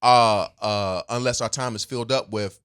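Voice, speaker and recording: A man's voice: mid-range voice, fairly even intonation, normal speed, a bit bright, clean tone. A man co-hosting a podcast, telling a story in a loose, rambling way with many fillers and restarts, and laughing easily. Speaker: podcast co-host. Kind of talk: casual chat.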